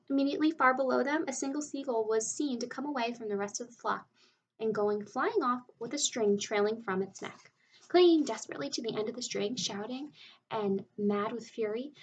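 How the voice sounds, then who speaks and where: Expressive woman reading a children's book. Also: on the high side, distant mic, a little hiss or hum, poor audio. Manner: expressive storytelling. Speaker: narrator. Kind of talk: audiobook reading of a children's novel.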